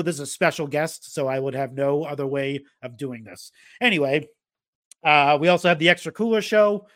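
A man hosts a casual podcast in a rambling way, full of fillers and restarts. His voice sits a bit high for a man. The recording is close and dry, with no room sound. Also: fairly bright tone, dry recording. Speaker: podcast host.

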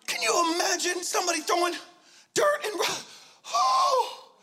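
A man preaching a lively sermon as a guest speaker, joking and shouting his points. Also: very high-pitched, a little slow. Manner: excitable, joking, shouts for emphasis.

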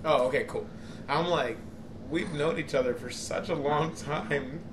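A man's voice: fairly high pitch, a little slow, background noise. A man co-hosting a podcast with casual, crude banter, teasing his friend and laughing often. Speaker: podcast co-host. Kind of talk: casual banter while gaming. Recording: echoey room with music behind.

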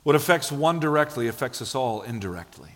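A man preaching a sermon in a church, telling stories with lively, acted-out quotes. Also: mid-range voice, a little fast. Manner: animated storytelling, acts out quotes. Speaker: pastor. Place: church sanctuary. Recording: long hall reverb.

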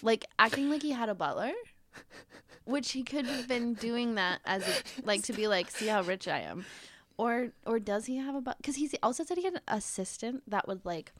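A woman's voice: fairly high pitch, expressive, moderate pace, no room sound. A woman in her thirties, a little congested, telling a story in casual chat with lots of fillers and laughter. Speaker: podcast guest.

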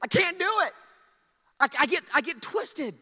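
A man's voice: extremely high pitch, expressive, normal speed, bright, forceful tone, voice pushed up, exaggerated voice. A man voicing a whiny, tongue-tied biblical man who begs frantically and trips over his words, in a long-reverb hall. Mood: pleading.

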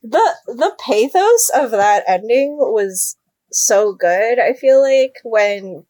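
Podcast guest: woman, bright lively delivery with wide swings in pitch, unhurried, laughs a lot. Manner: animated, laughs often, playful quoting of characters. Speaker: guest comic artist. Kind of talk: casual podcast chat about a film.

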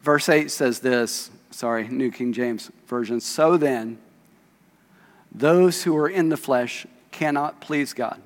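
A man's voice: mid-range voice, slow pace. Man preaching in a reverberant church. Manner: conversational, reads scripture aloud and asks the congregation questions. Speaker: pastor. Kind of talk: sermon. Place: church sanctuary. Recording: long reverb of a church hall.

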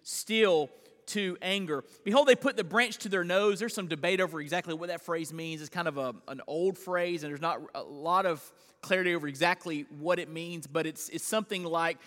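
A man's voice: fairly high pitch, fairly quick, fairly bright tone, in a large hall. A man preaching an expository sermon, reading scripture aloud with earnest restarts in a church sanctuary. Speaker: pastor.

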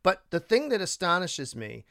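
A man co-hosting a casual political talk show, animated and emotional, digressing with many restarts. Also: sits high, moderate pace, creaky, dry recording, clean studio sound. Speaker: podcast co-host.

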